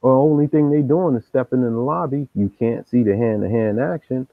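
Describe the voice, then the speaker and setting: A man's voice: mid-range voice, fairly quick. A man hosting a live stream who tells street stories in loose slang, jumping into the voices of the people in them. The sound is thin and phone-like. It is dry, with no room echo. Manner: streetwise slang, animated acting out of quotes. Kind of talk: casual storytelling.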